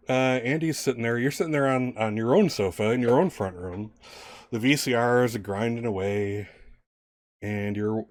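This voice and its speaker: A man's voice: lowish voice, darkish tone, dry recording. Man running a tabletop game, dry close voice. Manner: chatty, laughs easily. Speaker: game master.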